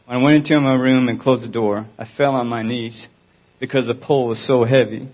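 A man's voice: medium pitch, steady tone, a little fast, highs cut off. A man giving an earnest, pleading Christian testimony.

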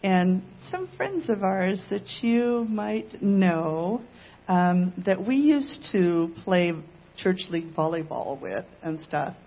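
A woman, a pastor's wife, telling her part of a testimony in a casual, halting way. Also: lowish voice, sing-song, highs cut off. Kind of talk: testimony sermon.

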